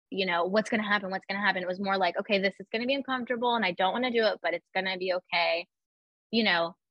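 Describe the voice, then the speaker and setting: A woman's voice: mid-range voice, no echo, lo-fi sound. A young woman chatting casually and telling personal stories, full of "like" fillers and acting out her own quotes. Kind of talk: casual chat.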